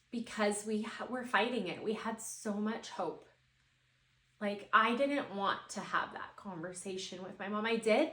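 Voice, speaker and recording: A woman's voice: medium pitch, pushed and bright. A woman in her thirties hosting a podcast, telling a personal story in an emotional, heartfelt way with many fillers. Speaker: podcast host. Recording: echoey room.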